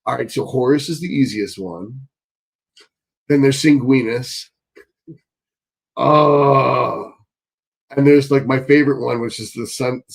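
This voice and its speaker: A man hosting a live stream Q&A, reading chat questions and answering bluntly, swearing often and getting excitable. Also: medium pitch, gravelly, low-quality recording.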